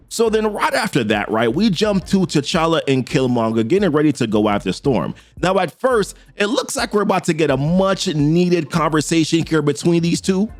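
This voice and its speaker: Animated man recapping a comic. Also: a little high, moderate pace, few pauses, soft background music. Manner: chatty, animated. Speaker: comic book reviewer.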